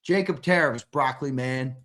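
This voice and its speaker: A young man's mid-range, fairly bright voice, a bit strained, comes through with slight background noise. He's co-hosting a live sports stream at a moderate pace, reading chat with brash, profane teasing.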